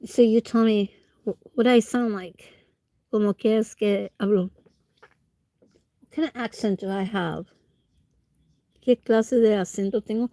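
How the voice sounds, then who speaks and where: A woman's voice: mid-range voice, fairly even intonation, unhurried, pauses often, dark tone, no echo. A woman livestreamer with a stuffy nose, chatting casually with viewers while she eats and answering their comments. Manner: chats while eating, talking with food in her mouth.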